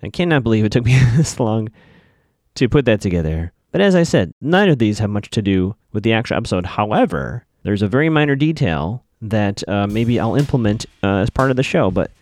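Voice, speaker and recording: A man's voice: lowish voice, big pitch swings, fairly quick, a little mellow, no echo. A man hosting a casual recap podcast, chatty and wry, swearing now and then, on a close desk mic. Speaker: podcast host.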